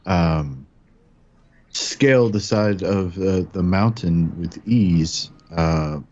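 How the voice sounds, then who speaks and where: Slow, hesitant low-voiced man. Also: a little mellow. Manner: hesitant, many ums and restarts. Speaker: player. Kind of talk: casual game chat. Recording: dull lo-fi stream audio.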